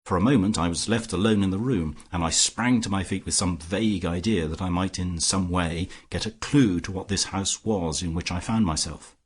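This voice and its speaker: A man reading a classic detective story aloud as an audiobook narrator, in a measured first-person telling. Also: sits low, breathy edge. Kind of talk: scripted narration.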